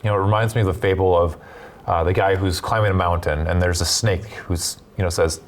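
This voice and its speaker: Fast, lively male political commentator. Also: low-pitched. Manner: animated storyteller, quick bursts when making points. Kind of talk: studio talk commentary.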